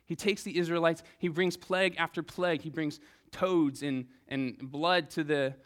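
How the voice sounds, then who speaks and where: A man's voice: a little high, fairly even intonation, moderate pace. Earnest man preaching a casual sermon. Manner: earnest and conversational, with frequent restarts and acted-out quotes. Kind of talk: casual Sunday sermon with scripture reading.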